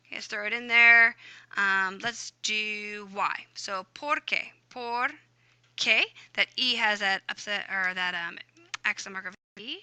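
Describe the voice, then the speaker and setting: A woman's voice: medium pitch, fairly even intonation, moderate pace, pushed and bright, smooth, dry recording, poor audio. A woman teaching a grammar lesson over a screen recording, upbeat and chatty, talking through each step aloud. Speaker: Spanish teacher.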